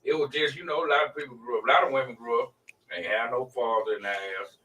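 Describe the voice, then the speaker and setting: A man's voice: medium pitch, fairly even intonation, fast, bright, forceful tone, distant mic, rough recording. A man in his forties talking bluntly in slang-heavy casual group chat as a podcast co-host.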